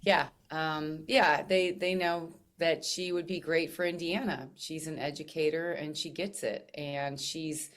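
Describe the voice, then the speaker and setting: A woman's voice: sits low, fairly even intonation, a little slow, hardly any pauses. A woman running for state office, answering interview questions in an earnest, plain-spoken way. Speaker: candidate for state senate. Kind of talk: interview guest.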